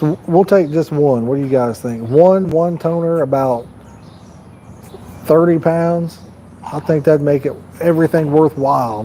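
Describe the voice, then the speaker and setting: A man's voice: mid-range voice, dark tone, a little hiss or hum, low-quality recording. A man hosting a fishing livestream outdoors by a pond, chatting loosely and rambling to his viewers. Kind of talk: casual live-stream chat.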